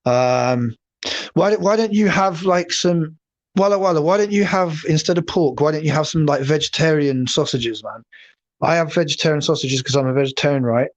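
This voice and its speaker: A man from England runs a loose, rambling livestream, swearing freely and addressing viewers by name. His voice sits a touch higher than most men's. He talks in a casual, meandering way. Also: moderate pace. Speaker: livestream host. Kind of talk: casual live chat.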